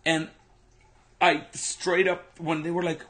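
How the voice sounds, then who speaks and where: A young man from Mexico co-hosting a casual chat, telling stories in a relaxed way. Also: fairly high pitch, takes it slowly. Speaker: co-host.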